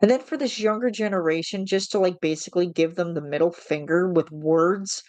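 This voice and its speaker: A woman in her thirties with a lowish voice, ranting in a casual vlog monologue. She sounds fed up and exasperated, stumbling and restarting her sentences as she vents. The sound is dry and close. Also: a little fast, darkish tone, no room sound. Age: 30s. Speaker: vlogger.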